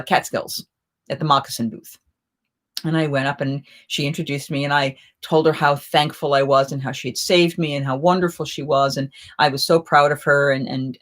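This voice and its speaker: A middle-aged woman hosting a casual live chat, telling stories in a rambling, chatty way with many restarts. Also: low voice. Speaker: live chat host, festival performer.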